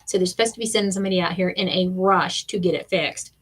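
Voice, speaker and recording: A woman's voice: on the low side, fast, slightly rough. A middle-aged woman, chatting casually and acting out quotes while crafting on a live stream. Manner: animated storyteller, acts out quotes.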